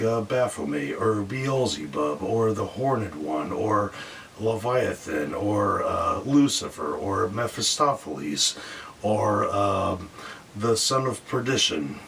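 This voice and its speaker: Low gravelly guy rambling about his dreams, faint rumble behind. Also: a bit bright, far from the mic. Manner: rambling, full of fillers, acts out voices. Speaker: storyteller. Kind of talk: casual dream storytelling.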